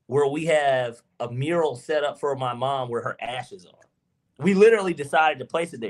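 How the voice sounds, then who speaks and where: A man's voice: medium pitch, expressive, moderate pace. A man co-hosting a podcast, telling a rambling story in casual chat with restarts and asides. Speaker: podcast co-host.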